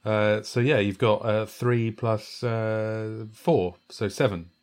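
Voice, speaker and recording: A man's voice: on the low side, fairly even intonation, slow pace. A man co-hosting a podcast, chatting casually, often second-guessing himself in a playful way. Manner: self-doubting, playful. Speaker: podcast co-host. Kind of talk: casual chat.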